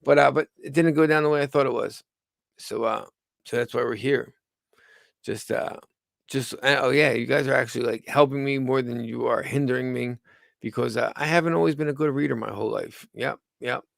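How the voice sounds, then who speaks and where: A tired man under the weather hosts a rambling live-stream news show from home, talking haltingly with many stumbles and restarts. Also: mid-range voice, gravelly, no room sound. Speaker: host of a livestreamed news show.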